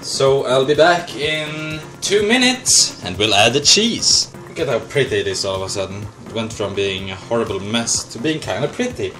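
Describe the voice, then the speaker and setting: A man's voice: medium pitch, sing-song, moderate pace, hardly any pauses, bright, forceful tone, faint music behind. Goofy young man hosting a cooking show. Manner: goofy, rambling, slips into silly voices and chants. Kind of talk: casual improvised cooking demo.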